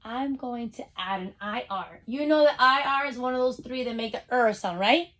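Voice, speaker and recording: A woman teacher giving a phonics lesson to young children over a video call, sounding out letters slowly and cheering them on. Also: on the high side, a bit bright. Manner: upbeat, encouraging, speaks straight to the kids.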